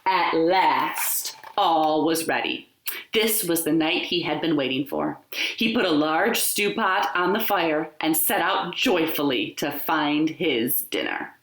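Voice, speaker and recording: A woman, a children's librarian, reading a picture book aloud to young children in a slow, gentle, expressive way. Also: low voice, a little hiss or hum. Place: home living room. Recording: echoey room.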